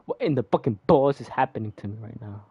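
A young man giving loud, swearing, exasperated commentary while playing a game. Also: medium pitch, animated, fast talker, breathy edge, no room sound, muffled recording. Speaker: gamer streamer. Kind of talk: casual gameplay commentary.

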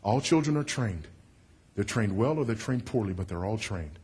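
Husky-voiced preacher man with a big voice. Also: lively intonation, normal speed. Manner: emphatic, swinging from loud to low for effect; confessional and wry, working the crowd. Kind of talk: sermon.

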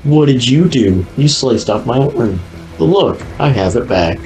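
A man's voice: medium pitch, lively intonation, unhurried, darkish tone, soft background music, poor audio. A young man casually commenting on his video game playthrough, rambling and joking with lots of "like". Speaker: gaming video host.

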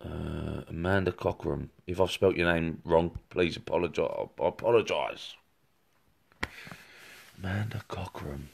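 A man's voice: low voice, unhurried, vocal fry, husky. A man giving a rambling live-streamed psychic reading, talking straight to viewers with many fillers and restarts. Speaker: psychic medium.

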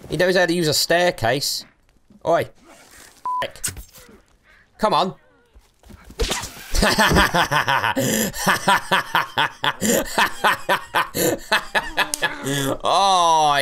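A man's voice: on the high side, animated, drawn-out words, long pauses, bright, forceful tone, slight background noise. A young man giving let's play commentary, cheeky and taunting, laughing often. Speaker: gaming streamer.

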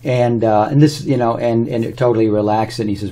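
A man's voice: fairly low pitch, fairly even intonation, fairly quick, few pauses, warm tone. A man talking casually to camera, rambling through anecdotes while demonstrating a product on his own body. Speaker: presenter demonstrating a health product.

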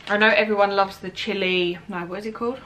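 Bright-voiced tired pregnant woman. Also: mid-range voice, steady tone, fast talker. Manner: chatty, candid, talks while eating. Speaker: vlogger. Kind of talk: casual taste-test vlog.

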